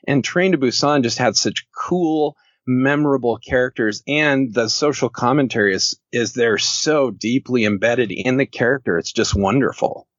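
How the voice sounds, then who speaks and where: A man's voice: medium pitch, normal speed, hardly any pauses, a bit bright, no room sound. A man talking casually as a podcast guest, joking and rambling and laughing often. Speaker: podcast guest, horror author. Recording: dull lo-fi podcast audio.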